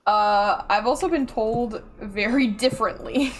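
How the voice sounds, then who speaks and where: A woman from Upper Michigan with a Yooper accent, chatting casually as a streamer while gaming. Her words sound round, her consonants are soft, and she rambles and laughs often. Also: on the high side, a little slow, slight background noise. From Upper Michigan, USA. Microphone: close desk mic.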